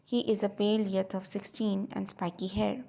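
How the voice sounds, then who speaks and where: Woman reading a play, gravelly voice. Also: medium pitch, flat delivery, moderate pace, mellow. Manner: reads stage directions aloud, small slips. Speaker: audiobook reader. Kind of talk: reading a stage play aloud.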